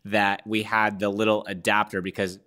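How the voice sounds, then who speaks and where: A man's voice: on the low side, little pitch movement, normal speed, bright, forceful tone. A man chatting casually on a podcast, joking and laughing often as he tells stories. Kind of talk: casual chat.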